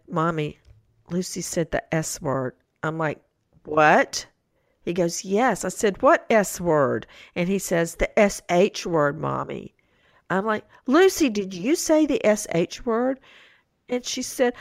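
A woman's voice: lowish voice, lively intonation, a little slow, no room sound. Incredulous storytelling woman, dry sound. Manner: storytelling, quoting her kids with incredulous outbursts. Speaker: co-host. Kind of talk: animated true-crime podcast chat.

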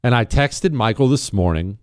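A middle-aged man hosting a talk radio show, telling stories and riffing on the news in a sarcastic, animated way. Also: mid-range voice, normal speed, no echo, clean studio sound.

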